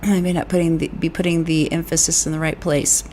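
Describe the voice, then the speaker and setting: A woman's voice: sits low, flat delivery, a little fast, darkish tone, a little hiss or hum. Enthusiastic woman reading chat comments aloud. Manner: enthusiastic, breathy exclamations of awe. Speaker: vocal coach streaming a music reaction.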